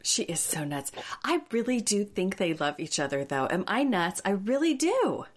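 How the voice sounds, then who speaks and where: A woman's voice: medium pitch, big pitch swings, moderate pace. A woman co-hosting a podcast, chatting casually with blunt, profane opinions. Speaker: podcast co-host. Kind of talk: casual chat.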